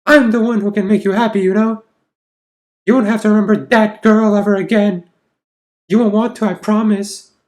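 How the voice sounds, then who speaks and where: A man voicing an obsessive, clingy young woman in a high, syrupy falsetto. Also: steady tone, normal speed, long pauses, darkish tone, natural voice. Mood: cooing.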